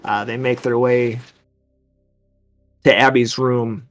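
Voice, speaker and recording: A man's voice: medium pitch, level tone, slow, faint music behind. A man narrating a tabletop horror game as game master, describing scenes cinematically.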